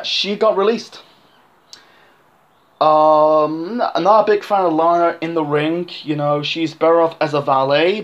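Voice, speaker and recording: A man giving a casual, rambling opinion monologue on wrestling, with many fillers, restarts and blunt swearing. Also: on the high side. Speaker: wrestling commentator.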